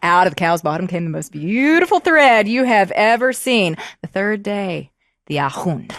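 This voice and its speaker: A woman storyteller telling a fairy tale to children, expressive and prompting them to join in. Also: mid-range voice, a little slow, no echo, studio quality.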